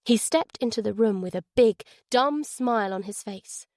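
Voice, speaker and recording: A woman reading a thriller audiobook in a measured, suspenseful way. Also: a little high, darkish tone, no echo. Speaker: audiobook narrator. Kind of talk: scripted audiobook narration.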